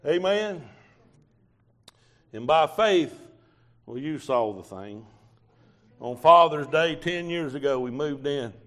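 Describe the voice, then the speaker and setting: Preacher man, folksy sermon storytelling, slightly high voice. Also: lively intonation, slow, pauses often, fairly bright tone. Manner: folksy storytelling with quoted dialogue. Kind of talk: sermon testimony.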